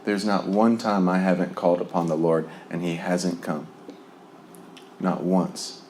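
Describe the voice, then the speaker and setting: Speaking low and a little slowly, with little pitch movement and a darkish tone, a New Jersey man tells the story of his recovery. There's slight background noise, and his personal testimony wanders, packed with fillers and frequent chuckles.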